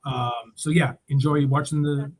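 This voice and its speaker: A man hosting his channel, briskly wrapping up and announcing what is coming next. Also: on the high side, steady tone, darkish tone. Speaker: channel host. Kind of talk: livestream sign-off.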